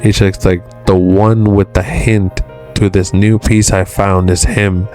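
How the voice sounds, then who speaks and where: A man with a low, level voice recaps a manga chapter in loose, casual talk, stringing lines together with "he's like". His delivery stays flat and even, with soft music faintly underneath. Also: measured pace. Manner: narrates dialogue with constant "he's like". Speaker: manga review host.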